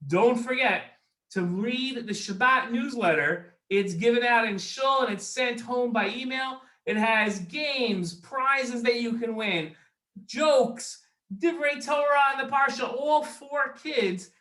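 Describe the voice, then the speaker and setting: A man hosts a children's show and speaks straight to the young viewers. His voice is high and bright, and he talks slowly and deliberately. The sound is recorded in an echoey room. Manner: drawn-out, deliberate, addresses viewers. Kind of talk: slow, deliberate presenting of a kids' quiz.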